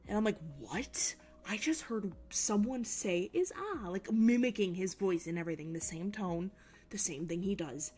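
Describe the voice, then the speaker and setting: A woman's voice: mid-range voice, normal speed, dark tone. A young woman streaming from her desk at home, telling a story in a rambling, casual way and swearing freely.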